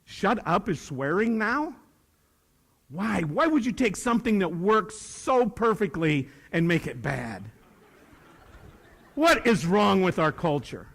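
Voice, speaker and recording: Taking it slowly, an older motivational speaker with a fairly high, fairly bright voice addresses students at a youth leadership event, his pitch swinging widely and dipping into vocal fry. A long hall reverb follows his emphatic, joking words, and he repeats phrases like a preacher to drive points home.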